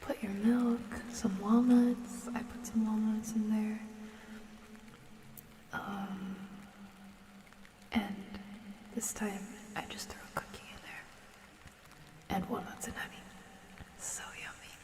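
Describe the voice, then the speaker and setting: A woman streamer hosting a cozy ASMR chat, talking to viewers softly and often in a whisper, unhurried. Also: mid-range voice, lively intonation, reverberant, long reverb tail, recorded from a distance, background noise.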